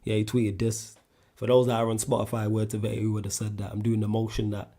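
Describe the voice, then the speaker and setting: A man hosting a solo sports question-and-answer show, talking in a blunt, animated way and climbing sharply in pitch when he drives a point home. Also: a little fast. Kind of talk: casual sports chat.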